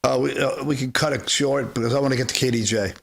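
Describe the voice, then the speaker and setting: A man chatting casually, halting often and leaning on fillers. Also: mid-range voice, fairly even intonation, creaky. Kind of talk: casual chat.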